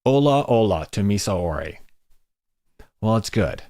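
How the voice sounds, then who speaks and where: Rambling American man, dry low voice. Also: animated, a little slow, mellow, dry recording. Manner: rambling, self-deprecating, greets chat viewers. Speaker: podcast host. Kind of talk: casual livestream chat.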